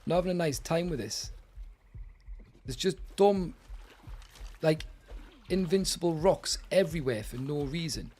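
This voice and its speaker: A man's voice: a little high, animated, measured pace, pauses often, a little mellow. A British man streaming a game live, chatting with viewers and grumbling in exasperation. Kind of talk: live gaming commentary.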